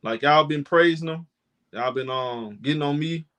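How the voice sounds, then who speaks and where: Here a young man with a slightly high, somewhat bright voice speaks at normal speed while co-hosting a live sports reaction stream. He debates players emphatically in slangy casual talk and mocks critics using put-on voices.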